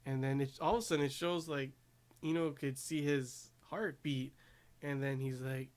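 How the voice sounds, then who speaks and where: A man's voice: medium pitch, steady tone, moderate pace. A man giving a casual, rambling recap of an anime episode, laughing often along the way. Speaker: anime reviewer.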